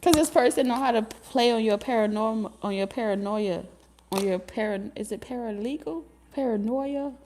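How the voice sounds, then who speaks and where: A woman giving a casual tarot reading, talking in an animated, joking way with frequent laughs and casual swearing. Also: fairly high pitch, normal speed, slight background noise. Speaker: tarot reader.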